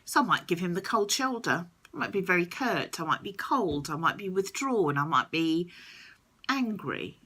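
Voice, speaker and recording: A woman's voice: on the low side, expressive, normal speed, bright, forceful tone, slightly rough. A woman vlogger talking reflectively to camera in a thoughtful, explanatory way.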